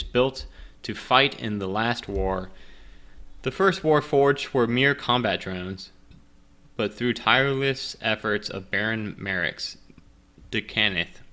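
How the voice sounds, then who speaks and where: Game master, male, low-ish bright voice, casual and rambling, self-deprecating, drinking a bit. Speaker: game master playing a solo gamebook. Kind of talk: casual chat and reading game narration.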